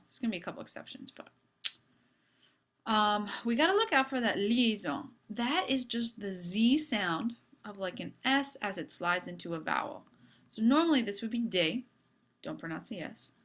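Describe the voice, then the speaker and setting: A woman's voice: mid-range voice, fairly bright tone. A woman teacher giving a video lesson on French grammar, upbeat with playful asides.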